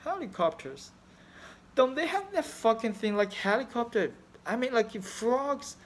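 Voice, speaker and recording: A man's voice: very high voice, very animated, a little slow. A man in his thirties from China, speaking English with a Chinese accent as a non-native speaker. He talks in an emotional, rambling way about his grief, swearing often and using broken phrasing. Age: 30s. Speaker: fan. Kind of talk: emotional personal vlog.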